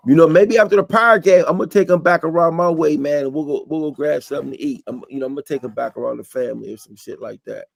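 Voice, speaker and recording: A man with a gravelly, creaky voice hosting a laid-back chat, slangy and easygoing. The sound is dry and close. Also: fairly high pitch, quick pace, few pauses, dry recording. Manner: relaxed, slangy, fills with "man". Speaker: podcast host. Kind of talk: casual chat.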